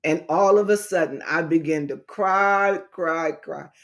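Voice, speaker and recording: A woman's voice: low-pitched, a little slow. A middle-aged woman evangelist in a casual livestream talk, speaking in an emphatic, repetitive, preacher-like way.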